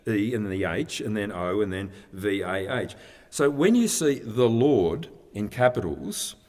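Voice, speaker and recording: A man's voice: medium pitch, darkish tone. A man preaching a sermon, explaining in a conversational way and often restarting his sentences. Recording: long reverb of a hall.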